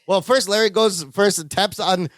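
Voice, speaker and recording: A man's voice: high voice, normal speed, dry recording, clean studio sound. A man co-hosting a podcast, recapping a sitcom episode in casual chat and acting out the scenes. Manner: animated, laughs often, acts out lines from the show. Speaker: podcast co-host.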